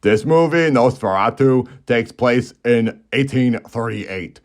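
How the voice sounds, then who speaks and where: A man's voice: medium pitch, slow. Man doing a sarcastic comic movie recap. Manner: sarcastic, deadpan asides, jumps into silly character voices. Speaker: movie review comedian.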